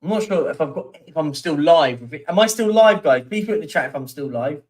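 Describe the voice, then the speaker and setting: Speaking a little fast with lively intonation, a man whose voice sits on the high side hosts a casual live stream far from his mic. He chats his way through football stats and viewer comments, rambling and using lots of fillers.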